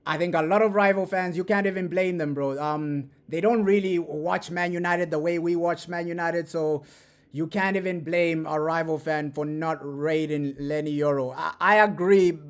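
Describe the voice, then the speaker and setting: A man hosting a fan live stream, reacting to an interview in a loud, animated way and repeating his points often. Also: a little high, normal speed, clean tone. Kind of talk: casual live-stream commentary.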